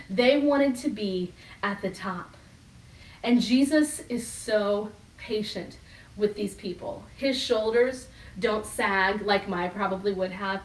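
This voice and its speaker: A middle-aged woman pastor preaching a sermon, animated and laughing as she acts out quoted voices. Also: a little high, distant mic. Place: church hall. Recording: echoey room from off mic.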